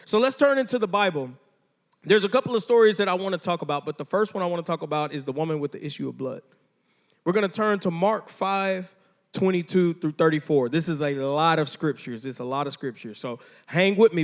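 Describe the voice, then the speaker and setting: Youth pastor, young man, high voice, loose and joking, speaks right to the teens. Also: expressive, fairly quick. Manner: casual, playful, talks straight to teens. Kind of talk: youth sermon.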